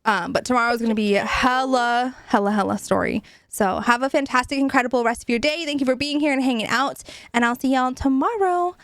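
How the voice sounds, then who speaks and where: A young woman streaming from home, chatting casually with her chat, giggly, swearing often and animated. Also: high voice, a little fast, no echo, studio quality. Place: home room.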